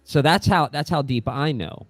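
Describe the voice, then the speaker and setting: A man's voice: a little high, dry recording. Guy on a podcast, keeps going "i, i, it's" and restarting, swears loosely, chill musician guest vibe. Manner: halting, many repeated restarts, swears casually. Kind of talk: casual chat.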